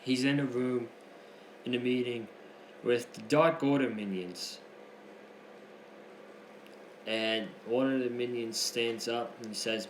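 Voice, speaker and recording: Male wrestling reviewer, casual and excitable, average pitch, echoey home setup. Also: takes it slowly, pauses often, slight background noise. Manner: excitable, chatty, slangy ("freaking"). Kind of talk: casual recap commentary.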